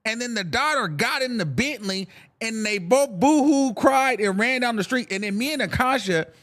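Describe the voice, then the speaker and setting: A young adult man hosting a podcast, telling a rambling, profane, animated story in casual talk and acting out the voices in it. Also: extremely high pitch, moderate pace. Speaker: podcast host.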